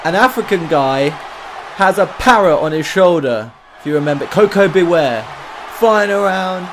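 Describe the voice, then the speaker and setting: Excitable man joking over a wrestling game. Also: high-pitched, normal speed, a little hiss or hum. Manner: excitable, jokey, shouting at the game. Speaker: gamer playing a wrestling video game. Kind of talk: casual let's-play chat.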